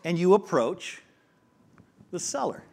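A man's voice: high-pitched, slow, gravelly, breathy edge. A man preaching a sermon, explaining a parable and acting out the dialogue of a modern retelling. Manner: animated storyteller acting out dialogue. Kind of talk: sermon with storytelling.

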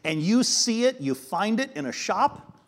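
A man's voice: extremely high pitch, measured pace, vocal fry. A man preaching a sermon, explaining a parable and acting out the dialogue of a modern retelling. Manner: animated storyteller acting out dialogue. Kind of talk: sermon with storytelling.

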